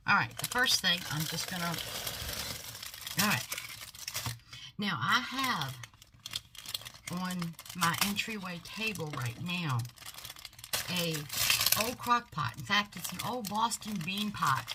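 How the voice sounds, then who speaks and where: An older woman, a haul vlogger, chatting in a folksy, animated way from her home office, recorded on a phone. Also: lowish voice, takes it slowly, pauses often, very noisy. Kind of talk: casual product haul chat.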